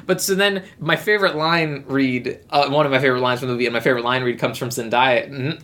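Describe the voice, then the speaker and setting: A woman's voice: very deep voice, fast. A woman co-hosting a podcast, chatting casually through a movie recap and acting out quoted lines. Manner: animated, acts out quoted lines. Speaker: podcast co-host.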